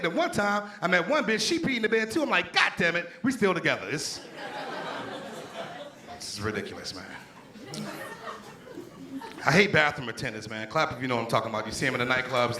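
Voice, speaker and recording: In a small, echoey comedy club with crowd noise, a Pittsburgh man performs stand-up, cursing freely and working the crowd with loose banter. His voice is on the high side with a sharp tone.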